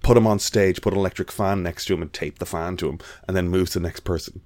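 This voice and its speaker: A man's voice: low voice, fairly even intonation, fast, a little mellow, no room sound. A man in casual chat, animatedly telling a story and acting out the voices of the people in it. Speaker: podcast guest.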